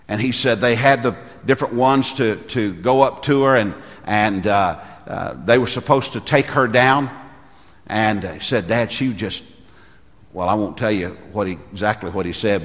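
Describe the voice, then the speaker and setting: A man's voice: on the low side, a bit bright. Folksy preaching man in a reverberant church. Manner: folksy storyteller who acts out quoted voices. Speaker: pastor. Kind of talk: sermon with storytelling.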